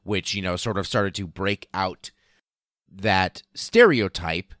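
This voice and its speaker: A man hosting a podcast, telling history casually, swearing for emphasis and speeding up and slowing down. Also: low-pitched, fairly bright tone, no echo, studio quality. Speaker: podcast host.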